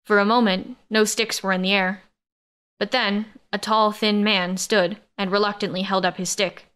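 A woman reads a novel aloud in the first person, keeping a steady storytelling pace. Her voice is smooth and crisp, at an ordinary middle pitch. The reading stays even and controlled from line to line. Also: a little fast. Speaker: audiobook narrator. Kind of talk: first-person audiobook narration.

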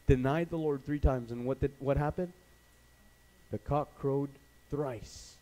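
A man from Canada preaching a sermon as pastor, telling stories with animated energy and acting out the voices of people he quotes. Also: medium pitch, normal speed, rough recording.

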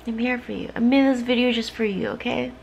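A tipsy young woman vlogging a heartfelt, tearful pep talk to camera, often sinking into soft whispers. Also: on the high side, flat delivery, quick pace, gravelly, slight background noise. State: teary.

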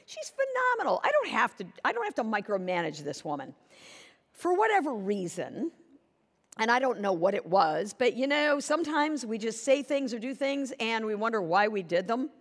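A woman's voice: fairly high pitch, sing-song, normal speed. A woman giving a conference keynote, telling a story and acting out both sides of a conversation. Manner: storytelling, acting out dialogue with shifting voices. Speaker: keynote speaker. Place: conference hall stage. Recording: echoey conference hall.

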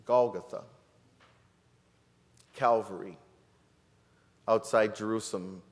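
Slow and fairly even in intonation, a man with a voice on the low side preaches as pastor in a church sanctuary. He retells a story with drama, leaning on rhetorical questions and repetition, and the sound carries long church reverb.

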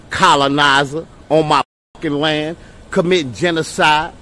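A man in a heated street confrontation, shouting and taunting with profane insults. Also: high voice, animated, moderate pace, slight background noise. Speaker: man confronting police officers.

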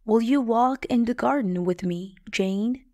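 A woman voicing a brooding gentleman, the master of the house, in a slow, plain, clearly spoken audiobook reading for learners. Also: on the high side, no echo, clean studio sound.

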